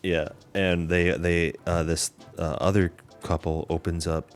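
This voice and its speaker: Very deep-voiced man telling a story casually. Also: level tone, measured pace, soft background music. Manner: rambling storytelling with frequent swearing and fillers. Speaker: podcast host. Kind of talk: casual chat.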